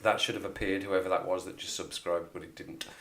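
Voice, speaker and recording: A man's voice: low voice, fairly even intonation, brisk, a bit bright. A man with a West Midlands accent, hosting a casual livestream chat, rambling and chatty with frequent laughs. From Wolverhampton area, England. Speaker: livestream host.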